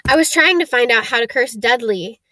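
A woman voicing a shy, curious young boy in a read-aloud storybook, with a quiet, slightly glum manner. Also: on the high side, animated, brisk, no echo.

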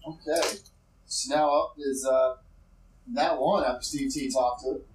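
A man's voice: mid-range voice, steady tone, measured pace, echoey room, slight background noise, low-quality recording. A man narrating as game master of a tabletop game, rambling with many fillers.

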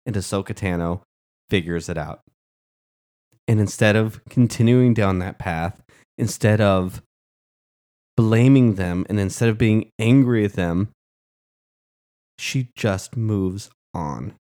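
Earnest man with a lowish voice. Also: slow pace, pauses often, warm tone. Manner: earnest and impassioned. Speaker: podcast co-host. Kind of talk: casual podcast chat.

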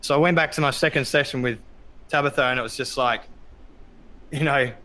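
A man speaks as a podcast guest in a bright, forward voice. He talks candidly and reflectively, pausing on ums and bursting into loud acted-out quotes. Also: mid-range voice, fairly even intonation. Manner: open, reflective, many ums, acts out quotes loudly. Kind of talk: candid conversational storytelling.

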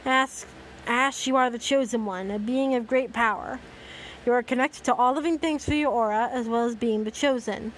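A woman voicing a solemn, fatherly male god creature, with a slow, measured read-aloud delivery. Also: fairly high pitch, a little hiss or hum, close to an everyday voice.

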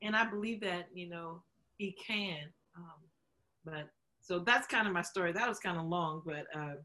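A woman's voice: fairly low pitch, moderate pace, bright, forceful tone. A woman co-host telling a personal story in candid conversation, laughing often, acting out quotes and getting choked up as she talks. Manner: emotional, chokes up while telling it. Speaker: show host sharing her story.

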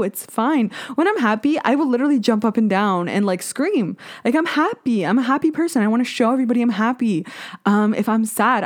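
A young woman hosting a solo podcast, talking candidly and animatedly to her listeners, swearing freely and jumping into loud bursts of emphasis. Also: on the high side. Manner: talks to listeners directly, with many "like" and "um" fillers. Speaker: podcast host.

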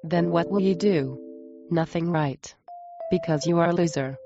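An actress playing a cruel wife who hurls insults at her husband in a flat, cold way, in a muffled recording with music underneath. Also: lowish voice, moderate pace, close to an everyday voice. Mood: contemptuous. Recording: muffled sound with music behind.

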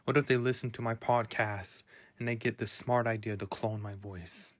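Low, slow man musing alone on his podcast, self-deprecating, dry close sound. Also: steady tone, no room sound. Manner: rambling, self-deprecating, muses aloud. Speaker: podcast host. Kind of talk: solo podcast monologue.

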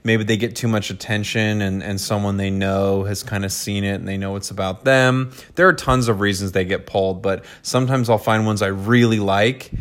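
A man's voice: on the low side, steady tone, moderate pace, few pauses. Playful American man chatting. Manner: playful, laughs often, jokey voices. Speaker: podcast host. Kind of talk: casual chat.

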